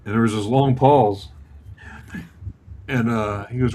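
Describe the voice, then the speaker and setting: A man's voice: medium pitch, expressive, moderate pace, pauses often, mellow, slightly rough. A man in his fifties from Florida, telling a personal story in a casual chat and acting out the voices of the people in it. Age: 50s. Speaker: guest.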